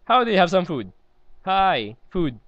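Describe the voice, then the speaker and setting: A man's voice: high-pitched, very animated, measured pace, dry recording, muffled recording. A man hosting a let's play, rambling and giggling through casual gameplay commentary as he talks to himself.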